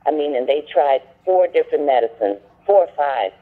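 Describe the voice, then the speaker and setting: A woman on a conference call, telling at length how her health came back, in a talkative, animated way with many fillers. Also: low-pitched, a little fast. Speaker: caller sharing a testimony. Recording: phone line.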